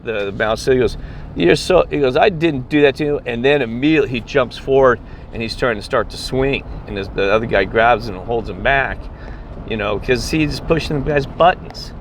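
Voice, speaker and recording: A man's voice: medium pitch, fairly quick. A man vlogging, telling a story in a rambling way, full of restarts and self-corrections, and talking to his viewers as folks. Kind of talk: casual storytelling monologue. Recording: noisy background hum.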